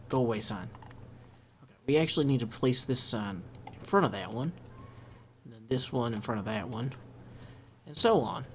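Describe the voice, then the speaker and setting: A man talking through his gameplay in a chatty, upbeat way, thinking aloud as he builds. His voice sits at a middling pitch, with a faint hiss of noise behind it. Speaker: let's play host. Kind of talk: casual gameplay commentary.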